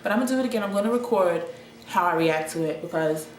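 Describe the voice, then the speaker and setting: A young woman rambles through a casual vlog monologue, restarting her sentences as she goes. Her voice sits somewhat low, and the echoey room carries a faint hum of ambient noise. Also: animated, quick pace. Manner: rambling, chatty, with frequent restarts and laughs. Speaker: vlogger.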